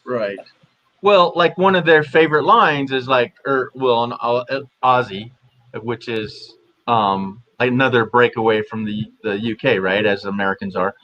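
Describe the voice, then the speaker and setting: A man's voice: medium pitch, measured pace, dry recording. A man co-hosting a casual livestream chat, joking and telling little stories with lots of energy. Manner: jokey, animated storyteller. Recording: dull lo-fi audio.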